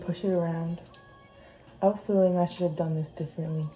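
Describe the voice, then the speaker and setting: A woman's voice: fairly low pitch, fairly even intonation, brisk, dark tone, poor audio. Young woman, home kitchen, rambling casual talk, camera mic, music in background. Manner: scattered, chatty, lots of "like". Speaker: vlogger. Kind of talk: casual cooking vlog. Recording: music playing underneath.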